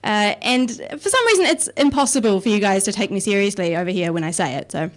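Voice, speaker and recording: A woman's voice: medium pitch, animated, fairly quick. A young woman with a New Zealand accent doing a stand-up comedy set, wry and sarcastic, swearing casually. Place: comedy club stage.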